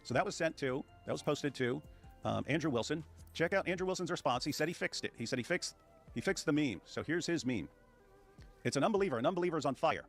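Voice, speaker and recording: A man's voice: on the high side, lively intonation, quick pace, faint music behind. A man co-hosting a casual video discussion, narrating memes with amusement.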